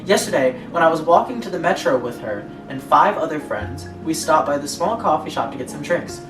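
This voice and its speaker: A woman's voice: sits low, lively intonation, fairly quick, far from the mic. A young woman co-hosting a casual chat show, reading posts aloud with sarcastic asides and frequent laughter. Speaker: podcast co-host reading stories. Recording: echoey room, voice off-mic, faint music.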